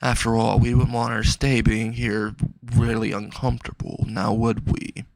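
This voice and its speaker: A man voicing a sadistic young man who calmly taunts his captive in a storybook reading. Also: mid-range voice, unhurried, creaky, dry recording. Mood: cold taunting. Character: sadistic young man, cold calm torturer.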